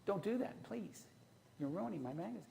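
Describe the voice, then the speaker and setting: A man's voice: high voice, animated, brisk, gravelly, dark tone, big-room sound, faint music behind, voice pushed up, exaggerated voice. A man preaching and quoting his exasperated wife as she scolds him, in a reproachful tone.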